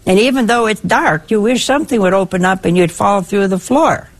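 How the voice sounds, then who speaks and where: An older woman preaches in an easy, conversational way. Her voice is husky and a little breathy. It swings up high and drops low as she makes her points. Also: fairly quick. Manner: lively, conversational, with wide swings in pitch. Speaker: religious speaker. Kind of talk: sermon-style talk.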